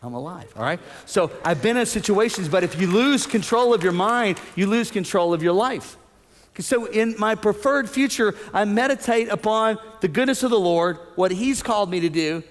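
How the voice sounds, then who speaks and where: High-voiced preaching man, reverberant hall. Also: a little fast. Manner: animated, acts out quoted voices. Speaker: pastor. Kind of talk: sermon.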